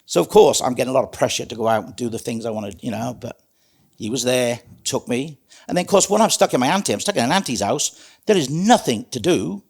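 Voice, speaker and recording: A man's voice: medium pitch, animated, fast talker, creaky, darkish tone, breathy edge. A middle-aged man, telling his life story as a guest in an interview in an earnest, plain-spoken way. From South Wales. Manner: earnest, plain-spoken, calls the host mate.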